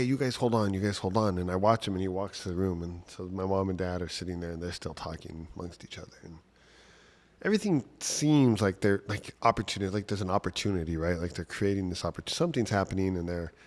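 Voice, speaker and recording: A man's voice: deep voice, quick pace. A man casually telling a personal story from childhood, talking conversationally with lots of "like" and "right?".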